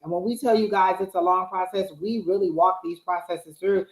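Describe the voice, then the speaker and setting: A woman's voice: on the low side, steady tone, fairly quick, echoey room, rough recording. A woman co-hosting a live tarot stream who speaks straight to the viewers with strong emphasis. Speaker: tarot reader, co-host. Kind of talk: casual chat on a live stream.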